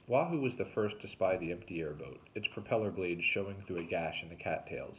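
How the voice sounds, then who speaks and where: A man, a teacher, reading a novel aloud with expressive storytelling. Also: fairly quick, few pauses. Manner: expressive storytelling with lively pitch. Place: home, remote recording. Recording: tinny phone-like sound.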